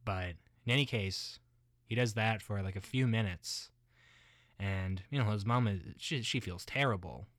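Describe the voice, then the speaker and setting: A man playing a muddled everyday guy who rambles haltingly, full of restarts and filler words. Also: fairly low pitch, fairly bright tone, no echo, clean studio sound, natural voice.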